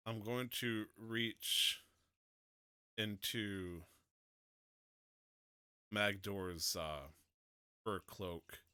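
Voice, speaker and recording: A man's voice: on the low side, fairly even intonation, extremely slow, pauses often, pushed and bright, smooth, dry recording, clean studio sound. A man playing a tabletop game, describing his character's actions in the first person. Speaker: player. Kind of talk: tabletop role-play.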